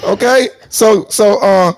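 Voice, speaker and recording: Brash stammering man with a gravelly voice. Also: high voice, slow. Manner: brash, joking, stammers with repeated words. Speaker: host. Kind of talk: live audio room debate.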